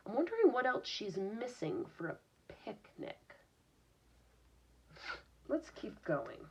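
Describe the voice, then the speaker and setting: A woman's voice: fairly high pitch, big pitch swings, slow, gravelly, noisy background. A woman teacher reading a picture book aloud to young children, patiently explaining words and sounding them out. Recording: dull lo-fi recording.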